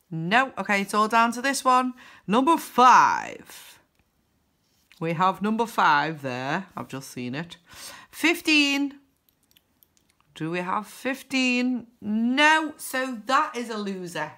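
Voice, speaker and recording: Woman vlogger, unhurried, crisp bright tone, chatty number-by-number commentary. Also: medium pitch. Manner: chatty, counts numbers aloud, cheers and groans. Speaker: scratch card vlogger. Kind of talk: casual commentary while scratching cards.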